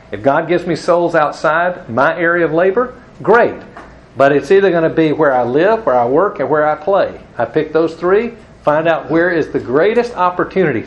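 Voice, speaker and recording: A man teaches a gathered audience in a relaxed preaching style, leaning on stories and playing out each quoted voice. His voice sits a little high for a man. A faint hiss runs under the recording. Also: low-quality recording. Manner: storytelling, acts out quoted voices, chuckles. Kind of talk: evangelism teaching talk to a live group.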